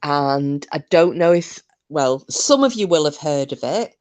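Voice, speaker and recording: A woman hosting a live stream, chatting casually and warmly to viewers, rambling with restarts and fillers. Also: deep voice, animated, measured pace. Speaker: livestream host.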